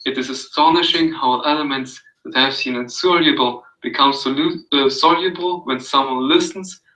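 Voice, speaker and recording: A man with an accent reads a reflective passage in a slow, soothing, meditative voice. His tone is bright and forceful. The sound is roomy and comes from a little way off the mic, like an echoey remote call. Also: on the high side, recorded from a distance. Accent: non-native English. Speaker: guest. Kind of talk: reading a passage aloud on a call-in show.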